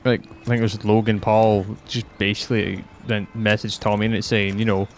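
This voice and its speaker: A man's voice: on the low side, little pitch movement, fairly quick, slight background noise. A Scottish man ranting bluntly and rambling on a casual podcast, swearing heavily and sounding fed up. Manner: exasperated, fed-up. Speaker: podcast host.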